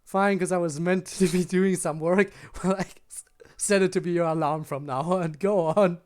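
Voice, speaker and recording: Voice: mid-range voice, steady tone, normal speed, a little mellow. A game streamer chatting casually and self-consciously with viewers late at night, giggling often and sounding tired. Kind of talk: casual live-stream chat while gaming.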